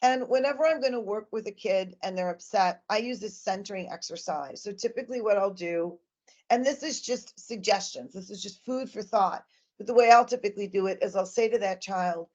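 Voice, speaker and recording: A woman's voice: mid-range voice, fairly quick, a little mellow, lo-fi sound. A woman giving an earnest, emphatic presentation to parents about communicating with children.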